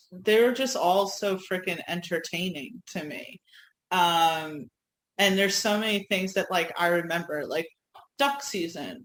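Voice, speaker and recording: A woman's voice: medium pitch, a bit bright. Chatty laughing woman in an echoey room. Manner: laughs often, swears casually. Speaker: podcast co-host. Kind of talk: casual chat.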